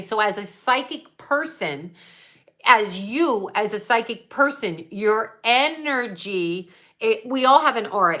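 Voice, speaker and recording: A woman's voice: medium pitch, bright, forceful tone. A middle-aged woman, a psychic medium hosting a livestream, telling an emotional personal story in a rambling way. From United States. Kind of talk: livestream talk with viewers.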